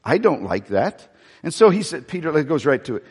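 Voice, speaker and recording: A man's voice: mid-range voice, animated, a little fast, breathy edge. A male pastor preaching a sermon in a conversational way, with folksy asides. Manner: conversational, with folksy asides and dramatic soft-voiced quotes. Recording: long reverb of a large hall.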